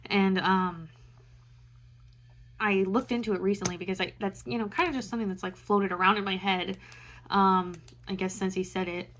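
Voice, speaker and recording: A woman's voice: medium pitch, fairly even intonation, moderate pace, a bit bright. A young woman talking to camera in a loose, reflective monologue, full of fillers and restarts. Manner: meandering, many fillers like "um" and "you know". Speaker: astrology vlogger.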